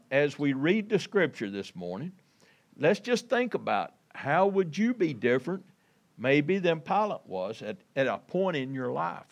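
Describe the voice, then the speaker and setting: Pastor guy preaching, chatty and folksy, voice a bit high and swinging up and down a lot. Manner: folksy, conversational preaching that addresses listeners as folks. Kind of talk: sermon with scripture reading.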